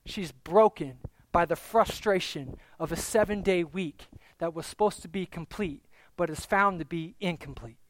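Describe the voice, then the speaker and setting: A man's voice: high voice, a bit bright, no room sound. A male pastor preaching an Easter sermon in a loose, conversational way, joking and calling on people by name. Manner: conversational, jokey, calls out congregants by name.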